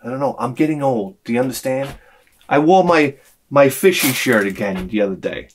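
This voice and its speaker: In a casual unboxing vlog, a male YouTube collector talks at a moderate pace with a mid-range voice. His storytelling is rambling and animated, punctuated by frequent exclamations.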